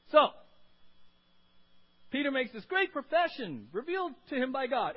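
A man preaching a sermon, animated and acting out scenes, with frequent restarts. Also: very high-pitched, unhurried, pauses often, dull audio. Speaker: pastor.

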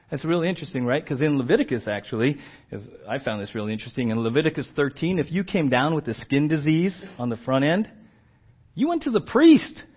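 A man preaching a sermon as a pastor, engaging the listeners with frequent rhetorical "right?" and dramatic emphasis. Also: fairly high pitch. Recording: dull lo-fi church audio.

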